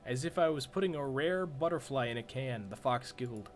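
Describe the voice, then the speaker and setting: A man's voice: medium pitch, lively intonation, fairly quick, few pauses, slight background noise. A man live-streaming a horror visual novel, reading the narration aloud and breaking off for profane, jokey reactions.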